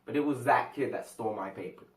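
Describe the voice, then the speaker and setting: A man's voice: medium pitch, fast talker, echoey room, far from the mic. A teenage guy telling a school story in a casual storytime vlog, rambling, slangy and full of fillers. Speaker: vlogger.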